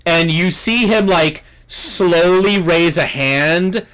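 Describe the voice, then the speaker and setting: A man's voice: high voice, takes it slowly, a bit bright. Man, game master, laid-back narration, online call. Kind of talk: narrating a tabletop game on a stream.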